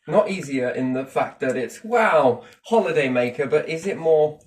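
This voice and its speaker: A man's voice: fairly high pitch, animated, moderate pace, recorded from a distance, low-quality recording. A man giving rambling, opinionated views in casual chat, with restarts and the odd swear.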